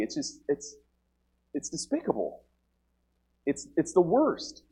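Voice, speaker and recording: Earnest preacher, slightly high voice. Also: male voice. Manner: earnest, repeats himself, swings from loud emphasis to quiet. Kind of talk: sermon. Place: church service.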